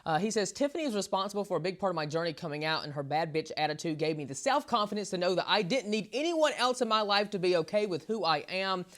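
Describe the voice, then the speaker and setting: A man's voice: high-pitched, animated, fast talker, few pauses, a bit bright. A man hosting an entertainment interview, gushing and enthusiastic, with lots of affirming fillers. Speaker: interview host.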